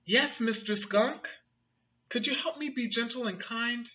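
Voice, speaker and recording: A man's voice: very high voice, measured pace, bright, forceful tone, muffled recording, voice pushed up, exaggerated voice. A man voicing a big, clumsy, sweet-hearted young dragon in a picture-book reading, earnest and pleading.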